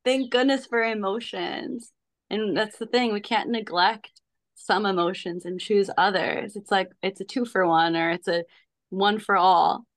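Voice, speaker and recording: A woman's voice: mid-range voice, fairly even intonation, a little slow, no room sound. A woman in casual podcast chat, telling a personal story in an earnest, emphatic way.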